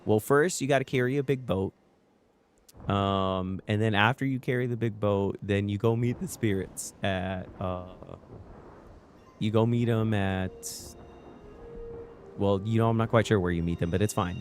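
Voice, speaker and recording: Playful low-voiced man chatting on stream. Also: unhurried, slight background noise. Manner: rambling, playful, reads out chat. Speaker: livestream guest streamer. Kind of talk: casual livestream chat.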